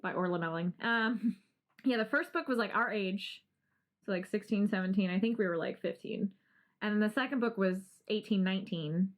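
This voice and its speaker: A young adult woman co-hosting a podcast in casual chat, animated, laughing often and swearing freely. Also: mid-range voice, normal speed. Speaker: podcast co-host.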